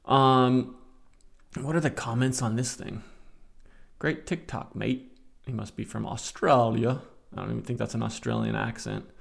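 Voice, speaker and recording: Man in his forties, gravelly voice, sarcastic running commentary, casual solo podcast host. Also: mid-range voice, steady tone, normal speed. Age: 40s.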